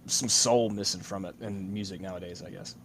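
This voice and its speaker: A man who is a guest musician on a podcast, talking in an easygoing, reflective way and trailing off softly. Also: deep voice, fairly even intonation, fairly quick, slight background noise. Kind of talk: casual podcast interview.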